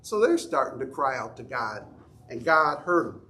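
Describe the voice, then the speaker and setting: A man's voice: mid-range voice, sing-song, moderate pace, bright, forceful tone, slight background noise. A middle-aged man teaching an adult Sunday school class in a church, talking conversationally and asking the class questions. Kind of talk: Bible study teaching.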